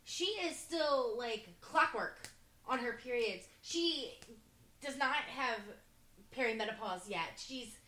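A woman's voice: fairly high pitch, animated, slow, pushed and bright, echoey room. A woman in her forties chatting casually, telling stories with frequent laughter. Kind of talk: casual chat.

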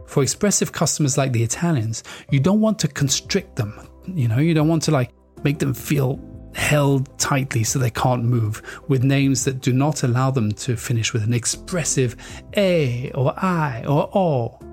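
A man who grew up in France, giving a presentation talk in a lively way, often restarting words and playfully mimicking accents. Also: medium pitch, moderate pace, soft background music. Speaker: speaker on brand naming.

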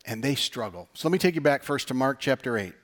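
A man's voice: medium pitch, animated, quick pace. A man preaching a sermon as pastor, talking conversationally, asking the audience rhetorical questions and using dry sarcastic humor.

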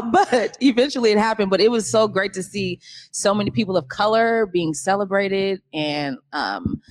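A woman actress talking casually in an interview, laughing often and animated. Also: medium pitch, normal speed, dry recording. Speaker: guest actress.

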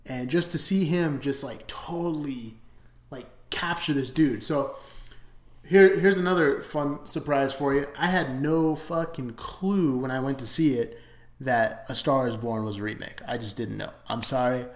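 Male movie reviewer, mid-pitched, loose and profane, roomy echo. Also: a little slow. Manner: rambling, profane, enthusiastic. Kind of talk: casual movie review rant.

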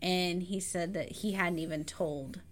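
A woman's voice: lowish voice, fairly even intonation, unhurried. Chatty woman chiming in with commentary. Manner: chatty, adds commentary and finishes the other's sentences. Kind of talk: casual chat about a film.

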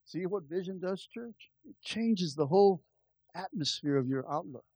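Male pastor, high pitch, fervent sermon delivery with repeated calls, dry close sound. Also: lively intonation, normal speed, darkish tone, slightly rough, dry recording. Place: church service.

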